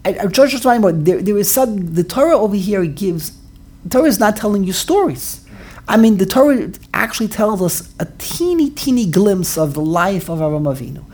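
A woman's voice: medium pitch, big pitch swings, brisk, darkish tone, husky. A woman teaching a Bible class in an earnest, explaining way, often repeating and restarting her phrases. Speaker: Torah teacher.

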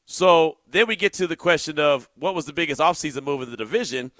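Brief: male sports podcast host, bright tense voice, dry close mic, animated storyteller. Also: a little high, a little fast, no room sound. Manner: animated storytelling, gets loud and incredulous. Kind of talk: solo sports podcast commentary.

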